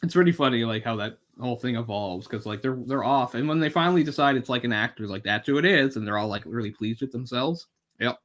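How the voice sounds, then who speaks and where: A man's voice: medium pitch, lively intonation, quick pace, a bit bright. A man co-hosting a podcast, chatting casually and wryly about a film, rambling and swearing now and then. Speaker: podcast co-host.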